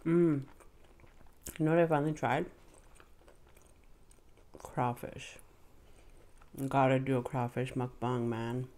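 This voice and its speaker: Low-voiced woman chatting while eating. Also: steady tone, takes it slowly, long pauses, dark tone. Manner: chatty, eating between words, frequent mm-hmms. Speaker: mukbang vlogger. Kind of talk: casual chat while eating.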